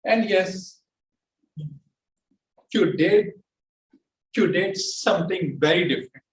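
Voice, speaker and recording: Man with a pakistani english accent evaluating a speech, slow n halting, keeps repeating words, echoey room, faint noise. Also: high voice, recorded from a distance. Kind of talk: giving spoken feedback at a club meeting.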